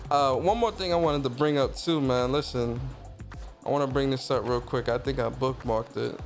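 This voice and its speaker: A man hosting a casual gaming news livestream, talking in a slangy, animated way and reading out chat comments. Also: mid-range voice, normal speed, faint music behind. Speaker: host of a gaming news stream.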